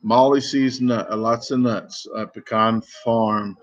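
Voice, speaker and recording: Brief: man, mid-pitch voice, casual live stream chat, rambling stories, muffled lo-fi audio. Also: steady tone, unhurried. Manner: rambling, self-interrupting storytelling. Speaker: competitive eater streamer.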